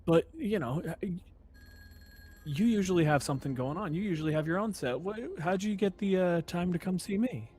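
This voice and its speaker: A man voicing a self-absorbed male musician in a tabletop game, with halting, stumbling phrasing. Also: sits high, expressive, darkish tone, a little hiss or hum, pitched above the performer's own voice. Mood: rambling.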